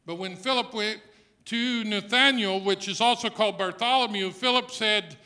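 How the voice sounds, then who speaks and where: A man preaching a sermon in a church, dropping to a hush and then rising to loud emphasis as he acts out quoted lines. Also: high voice, normal speed. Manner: swings between hushed and loud emphasis. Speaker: pastor. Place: church hall.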